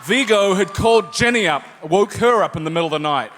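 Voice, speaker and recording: Kiwi male guest on a con panel, higher voice, animated anecdote teller, echoey hall. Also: fairly quick, hardly any pauses, some chatter behind. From New Zealand. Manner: animated storyteller, acts out voices. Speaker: guest actor on a convention panel. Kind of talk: live anecdote storytelling to an audience. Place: large convention hall. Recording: echoey convention hall, faint noise.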